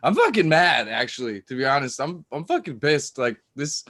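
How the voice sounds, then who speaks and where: A man's voice: medium pitch, sing-song, normal speed, sharp tone, no echo, studio quality. Foul-mouthed male stand-up comic. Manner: crude, swearing, laughing at own jokes. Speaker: stand-up comedian. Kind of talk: profane stand-up set. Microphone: cheap lip mic.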